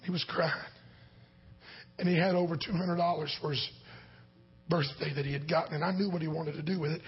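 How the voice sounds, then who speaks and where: A man pastor preaching a sermon as a story, swinging between loud shouted lines and hushed whispers. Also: fairly high pitch, gravelly, husky. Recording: dull lo-fi sound.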